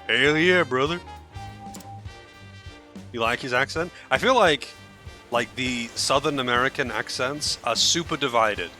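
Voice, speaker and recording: A man's voice: medium pitch, animated, normal speed, bright, forceful tone, soft background music. A young Australian man chatting casually and rambling over a game he is playing, swearing freely. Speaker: streamer. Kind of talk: casual gameplay commentary.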